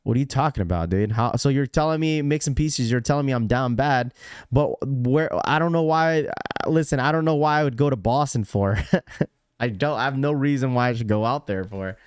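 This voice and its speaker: A man's voice: medium pitch, moderate pace, clear, resonant tone, no room sound. A young man hosting a casual livestream, reading out chat messages and rambling with lots of fillers and repeats. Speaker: livestream host.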